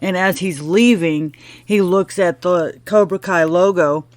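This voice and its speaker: A woman's voice: fairly low pitch, a little slow, a little mellow, dry recording. A woman hosting a podcast who recaps a TV episode in a casual, rambling way and goes off on laughing tangents. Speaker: podcast host.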